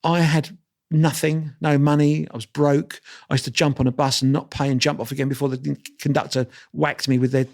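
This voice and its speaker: An older man in his sixties, a guest swapping stories on an interview show. He rattles along at a rapid clip, acting out the other people's lines and laughing at himself as he goes. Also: fairly high pitch, gravelly. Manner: lively anecdotal storyteller, acts out dialogue; self-deprecating, laughs while talking. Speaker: guest photographer. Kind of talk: storytelling interview.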